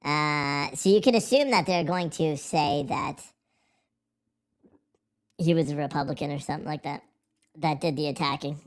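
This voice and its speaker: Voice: mid-range voice, normal speed, pauses often. A livestream host chatting casually in a silly put-on voice, rambling, swearing and goofing around. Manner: profane, rambling, goofy.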